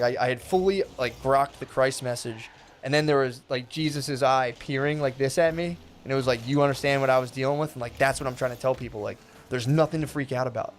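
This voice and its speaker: Rambling, animated young man telling a story. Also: a little hiss or hum. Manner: rambling, animated, heavy swearing and filler words; acts out quoted voices with sudden pitch jumps. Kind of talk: casual storytelling.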